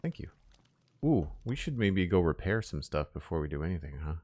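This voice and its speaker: In a dry recording, a man with a deep voice speaks fairly quickly while streaming a building game. He stays relaxed, chatting casually with viewers as he builds.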